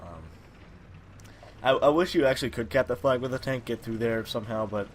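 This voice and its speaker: A man giving casual gameplay commentary while he has a cold, his voice a little raspy, rambling with many fillers and corrections. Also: medium pitch, fairly quick, a little hiss or hum. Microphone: personal microphone.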